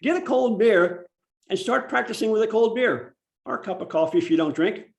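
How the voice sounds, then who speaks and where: A man presenting an online public speaking workshop over a video call. He is demonstrative and slows down to stress key words. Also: sits high, expressive, vocal fry. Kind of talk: instructive online workshop talk.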